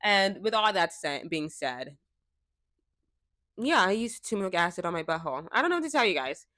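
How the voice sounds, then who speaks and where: A young woman talking casually and frankly to a fixed camera, chatty and quick to laugh. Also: lowish voice, very animated, pushed and bright, dry recording, studio quality. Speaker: vlogger. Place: indoors, seated before a fixed camera. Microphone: camera mic.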